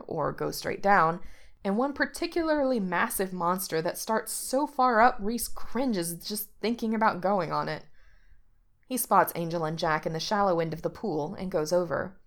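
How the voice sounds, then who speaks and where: A woman narrating a story aloud with steady, expressive delivery. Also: on the low side, moderate pace.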